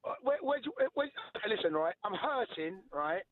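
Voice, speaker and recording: A man's voice: high voice, very animated, fairly quick. A man calling in to a radio show who argues his point defensively and insistently, over and over asking "right?". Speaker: radio phone-in caller. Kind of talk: heated radio phone-in argument. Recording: tinny phone line with faint hiss.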